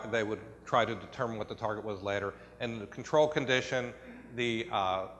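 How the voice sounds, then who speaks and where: A man with an American accent walks a conference audience through a study, his voice sitting in an ordinary middle pitch. He explains patiently, pausing on fillers and restarting sentences. His voice rings with the long reverb of a conference hall. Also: a bit bright. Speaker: conference presenter. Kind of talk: presenting research at a conference.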